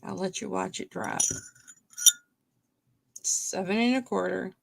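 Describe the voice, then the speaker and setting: A woman's voice: medium pitch, slow pace, creaky. A woman hosting a live-streamed jewelry auction, chatting casually with viewers by name as she shows and sells pieces.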